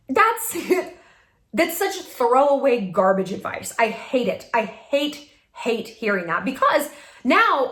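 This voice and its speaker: Animated woman in an echoey room. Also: high voice, measured pace. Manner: animated, emphatic, laughs often, repeats for emphasis. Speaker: vlog host. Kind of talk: casual motivational talk to camera.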